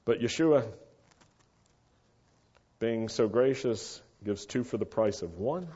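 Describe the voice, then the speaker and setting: A man's voice: mid-range voice, lively intonation, mellow, slightly rough, lo-fi sound. Earnest American man preaching. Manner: earnest, emphatic, slows down to stress key words. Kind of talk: sermon.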